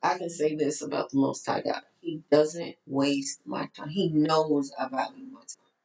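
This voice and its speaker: A woman's voice: deep voice, steady tone, a little slow, a little mellow, reverberant, rough recording. A woman life coach with a Texas accent, talking candidly to her followers in a tired voice that keeps cracking. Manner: candid, chatty, preachy asides. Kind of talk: casual talk to followers.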